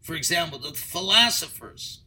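A man's voice: on the high side, animated, moderate pace, bright, forceful tone, husky, low-quality recording. A man teaching a Torah lecture as a rabbi, explaining earnestly through stories and rhetorical questions.

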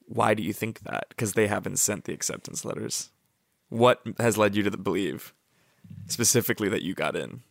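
A man playing a blunt, exasperated high-school college counselor with dry deadpan delivery, in an improvised comedy sketch. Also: moderate pace, gravelly, no room sound. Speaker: comedy podcast co-host.

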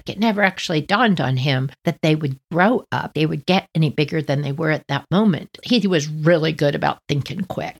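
A woman telling a childhood story on her podcast, animated, acting out family members' voices in higher tones. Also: a little fast, gravelly, few pauses, slightly rough. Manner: animated, acts out family voices with high-pitched quotes.

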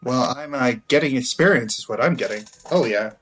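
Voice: medium pitch, a little fast, fairly bright tone, faint music behind. A player in a tabletop game, talking casually and playfully about their moves.

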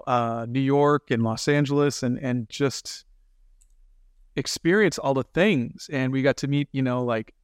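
A man guest in an interview, telling lively anecdotes in casual talk and acting out the people he quotes. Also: medium pitch, smooth, no echo, studio quality. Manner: animated anecdotes with quoted voices. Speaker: guest, animator and film director.

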